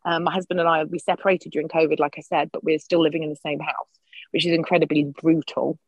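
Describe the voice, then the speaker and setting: A woman's voice: low voice, fast talker, slightly rough, no room sound. Middle-aged woman telling a candid story. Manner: lively, swearing, acts out her own quotes. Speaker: guest. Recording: dull lo-fi sound.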